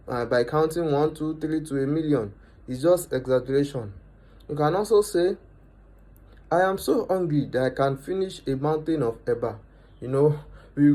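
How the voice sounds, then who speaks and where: A man, teaching a lesson and repeating each definition and example slowly for emphasis. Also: on the high side, a little mellow, low-quality recording. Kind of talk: explanatory lesson.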